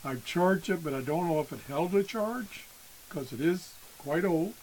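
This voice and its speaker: A man slowly demonstrating an old radio, halting often and clearing his throat, his voice worn from being sick. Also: fairly high pitch, expressive, darkish tone, rough recording. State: losing his voice after illness. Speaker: radio hobbyist video host. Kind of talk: casual show-and-tell demo.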